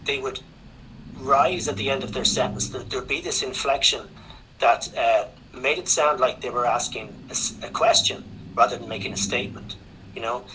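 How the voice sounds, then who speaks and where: Bright-voiced man answering questions. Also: medium pitch, normal speed, slight background noise, low-quality recording. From Ireland. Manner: relaxed, repeats words as he thinks. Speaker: guest speaker on English teaching. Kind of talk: answering questions in an online seminar.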